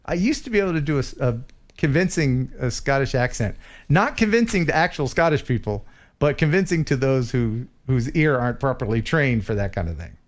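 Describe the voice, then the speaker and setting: A man hosting a casual livestream chat, animated and quick to chuckle while he tells stories. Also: medium pitch. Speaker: livestream host. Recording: faint music behind.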